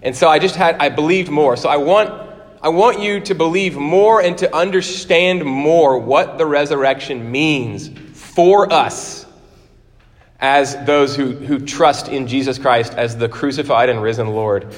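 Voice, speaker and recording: A man's voice: fairly high pitch, unhurried. A man preaching an Easter sermon as pastor, earnest and conversational, often restarting his sentences and adding asides. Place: church sanctuary. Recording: church hall reverb.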